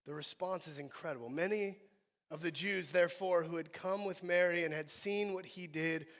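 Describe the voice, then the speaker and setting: Brief: male pastor, high voice, animated sermon, echoing sanctuary. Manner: animated preaching, swinging from soft to loud. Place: church sanctuary.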